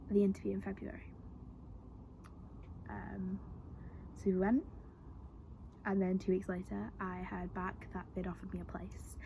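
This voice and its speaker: A woman's voice: medium pitch, a little mellow, a little hiss or hum. A young woman in a personal vlog, telling her story in a chatty, earnest way with lots of fillers. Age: young adult.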